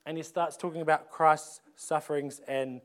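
A man's voice: a little high, fairly even intonation, moderate pace. A man, preaching a sermon in a conversational way, often restarting phrases and asking rhetorical questions. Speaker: pastor.

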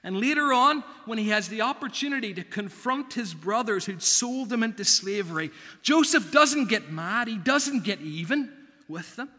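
A pastor preaching a sermon in a church, measured and deliberate, with long pauses for emphasis. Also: male voice, high-pitched, expressive, pushed and bright. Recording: long reverb of a church hall.

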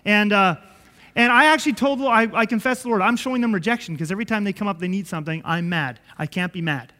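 A man's voice: sits high, fast. Guy preaching chatty, acts out little stories, keeps chuckling, big hall with long echo. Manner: animated storytelling that acts out dialogue, chuckling often. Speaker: Christian preacher and father. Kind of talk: conversational sermon-style teaching.

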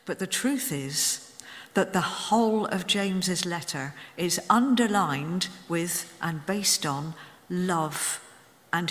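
A woman's voice: on the low side, a bit bright, in a large hall. A woman in her seventies preaching a sermon, telling a story with humorous asides. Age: 70s. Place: church.

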